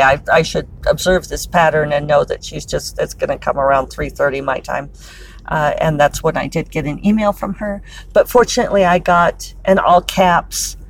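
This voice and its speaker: A woman's voice: lowish voice, slight background noise, poor audio. A middle-aged woman chatting casually while driving, wry and talkative with laughing asides. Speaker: author podcaster. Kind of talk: casual commute vlog. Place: in a car, driving.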